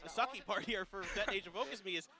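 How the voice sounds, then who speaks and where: A man's voice: high voice, lively intonation, racing. A man giving analytical esports color commentary, chatty and full of fillers. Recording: live crowd noise behind.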